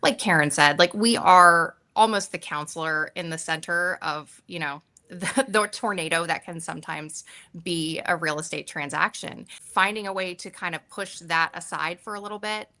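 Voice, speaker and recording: A woman real estate agent on a panel, speaking in an earnest, steady, motivational way. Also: lowish voice, moderate pace. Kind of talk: reflective panel talk.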